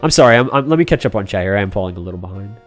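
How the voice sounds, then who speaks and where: Chatty game-streaming man, lowish voice. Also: expressive, very fast, faint music behind. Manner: chatty, rambling, talks to chat by name, many fillers and restarts. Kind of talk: casual live-stream chat while playing.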